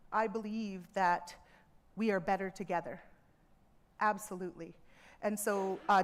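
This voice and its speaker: A woman speaking earnestly to a seminar audience from a theatre stage, measured, with emphatic repetitions. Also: mid-range voice. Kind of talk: reflective public talk.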